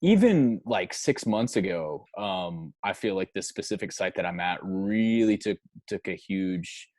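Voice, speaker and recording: Young male guest, very low voice, dry close sound, halting casual talk with loose swearing. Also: lively intonation, darkish tone, dry recording. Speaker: guest, musician. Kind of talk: casual chat.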